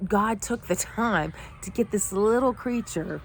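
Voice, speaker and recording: A woman's voice: medium pitch, a little slow, gravelly, slight background noise. A middle-aged woman, a life coach, telling a personal story in an emotional, heartfelt way. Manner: emotional, heartfelt, teary at times.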